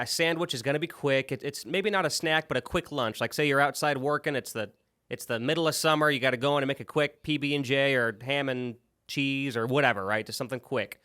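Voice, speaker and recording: Male podcast co-host, slightly higher voice, laid-back meandering banter. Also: a bit bright. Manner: easygoing, rambling, hesitant with fillers. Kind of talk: casual chat.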